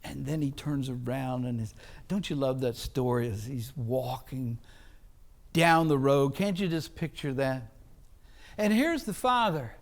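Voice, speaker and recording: A man's voice: medium pitch, vocal fry. A male pastor preaching a chapel sermon, telling the story dramatically and drawing it out. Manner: dramatic, drawn-out storytelling with acted-out voices.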